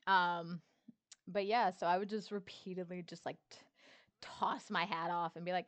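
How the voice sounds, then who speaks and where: A woman's voice: lowish voice, steady tone, normal speed, no room sound. A woman streamer telling a story in casual chat, laughing often and swearing freely.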